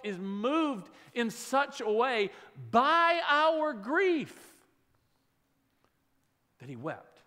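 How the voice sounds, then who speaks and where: A man preaching a sermon as pastor, emphatic, swinging between loud declarations and hushed lines. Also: high voice. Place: church sanctuary. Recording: long hall reverb.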